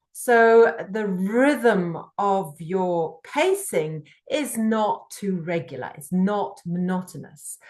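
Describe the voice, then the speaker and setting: A woman voice coach explaining her subject slowly and deliberately, with frequent pauses. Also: medium pitch. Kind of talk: teaching monologue.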